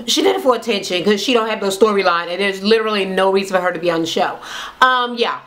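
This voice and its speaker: A woman's voice: mid-range voice, quick pace, fairly bright tone. A woman casually recapping a reality TV show, sassy, gossipy and heavily profane.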